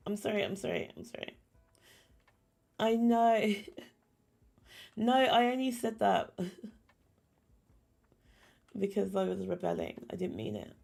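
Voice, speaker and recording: A woman's voice: medium pitch, animated, a little slow, gravelly, pauses often, darkish tone. A woman chatting casually while playing a game, talking to herself and to the animals in it. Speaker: game streamer. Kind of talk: casual gameplay chat.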